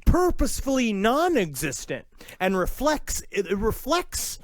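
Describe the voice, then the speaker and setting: A man's voice: sits high, wildly swooping pitch, measured pace. A man hosting a podcast, riffing crude jokes in casual comedic chat into a close mic. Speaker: podcast host.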